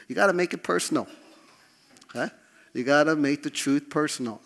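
A man's voice: medium pitch, steady tone, moderate pace. A man preaching a sermon, asking the congregation to respond and checking in often with "okay?". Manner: preaching with call-and-response prompts, frequent "okay?". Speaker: pastor.

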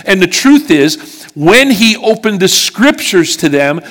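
A middle-aged man from western Pennsylvania, his voice sitting high, very animated, a bit bright, and a little slow, preaches a sermon. He relates a personal story casually while regularly checking in with the congregation.

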